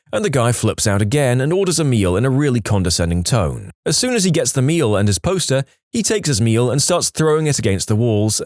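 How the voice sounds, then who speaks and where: Wry male narrator with lively pitch. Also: no echo, studio quality. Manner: wry, sarcastic storytelling. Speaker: story narrator. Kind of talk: scripted narration of online stories.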